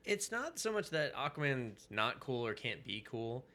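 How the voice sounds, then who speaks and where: A man chats on a casual comics podcast with a bright, forward tone. His pitch swings widely and he jokes and swears freely. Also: normal speed. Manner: animated, bright, joking and profane. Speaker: podcast co-host.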